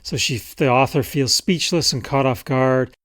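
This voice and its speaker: A man's voice: mid-range voice, moderate pace, a bit bright, dry recording. Male writing coach with a dry sound. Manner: conversational, reads passages aloud from a client's memoir. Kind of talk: casual teaching talk.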